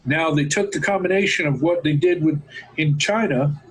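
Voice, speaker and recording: A man's voice: fairly high pitch, normal speed, slightly rough, rough recording. A man hosting a talk show, ranting fervently and calling his listeners folks. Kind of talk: impassioned political talk.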